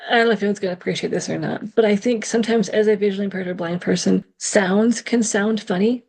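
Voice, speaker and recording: Brief: upbeat woman co-host, casual podcast chat, mid-pitched voice, quick to laugh. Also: steady tone, a little mellow.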